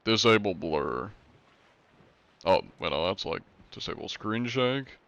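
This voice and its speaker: A man's voice: sits low, animated, slow, gravelly, a bit bright, highs cut off. A young man streaming a game live, rambling casually, swearing often and laughing at his own tongue slips.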